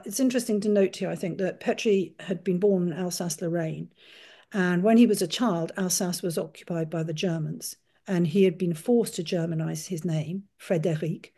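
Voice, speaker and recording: A woman author giving a talk, telling a family history in an earnest, measured storytelling way. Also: fairly low pitch, fairly even intonation, dark tone, slightly rough. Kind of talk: storytelling lecture.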